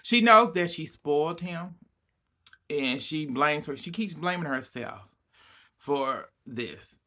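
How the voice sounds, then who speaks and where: A man giving a casual recap of a reality TV episode, acting out what people said with lots of laughter and sudden loud outbursts. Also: a little high, takes it slowly. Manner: animated storytelling, acting out quotes, frequent laughter and outbursts.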